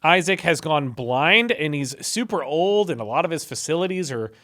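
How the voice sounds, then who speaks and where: A young man retells a story for laughs in a casual, irreverent tone and keeps dropping "like" as a filler. His voice is bright and forceful and sits a little high for a man. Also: animated, normal speed. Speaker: online video host.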